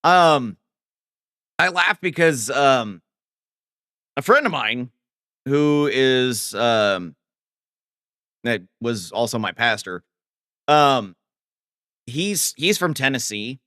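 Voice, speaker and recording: Male streamer from Ohio, casual rambling chat with viewers, dry close sound, very animated delivery. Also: mid-range voice, no echo. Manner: rambling, reads chat aloud and answers with quick laughs. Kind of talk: casual live-stream chat while coding.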